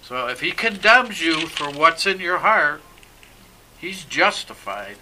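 A man reads scripture aloud at a service, taking each old-fashioned phrase slowly and with care. His voice is very bright and sits a little high, and he speaks at a very unhurried pace. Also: very animated, poor audio. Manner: slow, deliberate reading of old-fashioned biblical wording. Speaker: scripture reader in a congregation.

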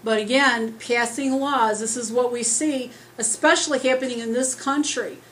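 A woman preaching an earnest, rambling sermon as she starts losing her voice, talking loud without a microphone. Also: fairly high pitch, fairly even intonation, normal speed, a little hiss or hum, rough recording. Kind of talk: conversational sermon. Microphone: speaking loud without a microphone.

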